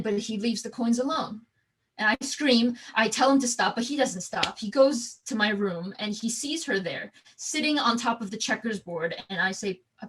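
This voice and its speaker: A woman performing a theatrical storytelling monologue, halting with frequent restarts and repeated words. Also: mid-range voice, poor audio. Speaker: stage performer.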